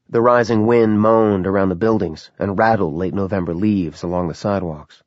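Low-voiced male audiobook narrator. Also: no room sound, dull audio. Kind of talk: scripted narration.

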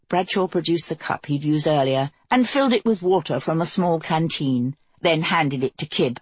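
Low, husky female audiobook narrator. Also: expressive, moderate pace, hardly any pauses, no echo.

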